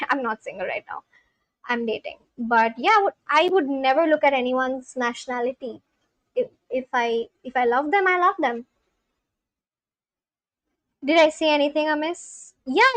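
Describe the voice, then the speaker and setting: A woman's voice: high voice, fairly bright tone, dry recording. A young woman livestreamer chatting casually with viewers, talking back to chat with loose, filler-heavy speech. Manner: talks back to chat, scolding and reassuring.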